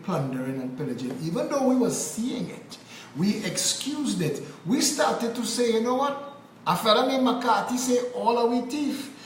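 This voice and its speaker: A man's voice: sits high, roomy sound, slight background noise, poor audio. A man from Trinidad and Tobago with a Trinidadian accent, giving an angry, impassioned political monologue to camera in a preaching cadence. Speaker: political commentator vlogger.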